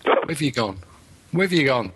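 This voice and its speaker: A man's voice: mid-range voice, very animated, brisk, heavy background noise. A man from Wales, a guest on a radio show, chatting dryly and joking. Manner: dry, joking. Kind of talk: casual chat over a phone link.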